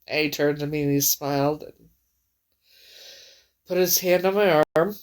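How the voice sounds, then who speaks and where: A woman crying as she tells a rambling, emotional personal story indoors at home, with halting restarts. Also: deep voice. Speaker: vlogger.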